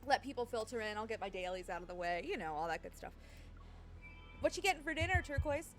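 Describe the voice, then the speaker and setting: A bubbly woman streams a game from home and chats with her viewers. Her voice sits high and swings up and down. Game music plays clearly underneath, with dogs barking now and then. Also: fast. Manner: bubbly and excitable, chatting with viewers. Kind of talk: casual live-stream chat.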